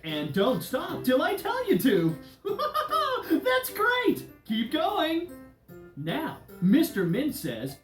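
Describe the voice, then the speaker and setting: A woman's voice: high-pitched, full character voice. A woman voicing a cheerful, friendly male candy game leader who plays a follow-the-leader game with children. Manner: bouncy, playful, coaxing children. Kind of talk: children's DVD game hosting. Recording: roomy echo with music behind.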